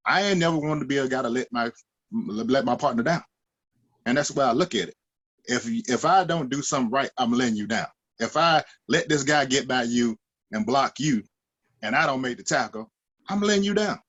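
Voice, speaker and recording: A man's voice: animated, a little fast, a bit bright, dull audio. Emphatic man telling football stories. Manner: emphatic, folksy, jumps higher when acting out others. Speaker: former linebacker guest. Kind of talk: roundtable chat, storytelling.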